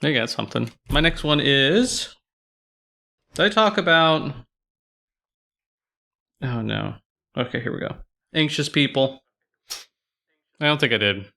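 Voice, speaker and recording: A man's voice: a little high, animated, measured pace, gravelly, pauses often, pushed and bright. A man co-hosting a library podcast, casually retelling a novel's plot in a rambling way, full of fillers and restarts. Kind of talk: casual book chat.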